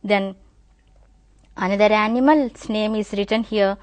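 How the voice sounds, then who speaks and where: A woman's voice: mid-range voice, steady tone, dry recording. A woman teaching pronunciation, repeating each word several times and explaining to her students. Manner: slow drilling repetition of words; addresses students directly, explanatory. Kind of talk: classroom pronunciation lesson.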